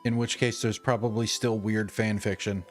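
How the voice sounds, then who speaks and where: A man's voice: fairly low pitch, level tone, normal speed, soft background music. A man playing through a game, reading its text dramatically and joking in asides. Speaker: gamer. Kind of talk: game let's-play commentary and reading.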